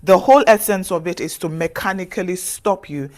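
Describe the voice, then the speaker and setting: An earnest woman gives motivational advice straight to the listener. She speaks in a measured way with emphatic pauses and keeps coaxing her audience to take her word for it. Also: fairly low pitch, a little mellow. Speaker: self-development speaker. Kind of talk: motivational advice talk to camera.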